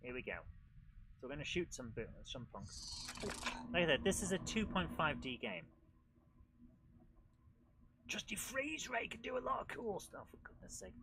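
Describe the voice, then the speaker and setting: A man hosting a retro gaming show, giving chatty, excitable commentary while he plays. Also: sits high, moderate pace, pauses often, poor audio. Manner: chatty and excitable, with frequent laughs and exclamations. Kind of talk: live gameplay commentary.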